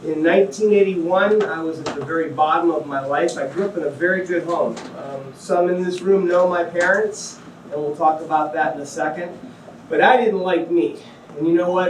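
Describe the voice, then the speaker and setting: A middle-aged man from Ohio tells his life story to a small gathering, slipping into voices for the people in it and joking along the way. His voice sits a bit high for a man. He sounds set back from the mic in a small room that echoes. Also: moderate pace, distant mic, slight background noise. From Ohio, USA. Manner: animated storyteller, acts out quotes, jokey asides. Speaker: guest speaker. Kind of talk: testimony talk to a small audience.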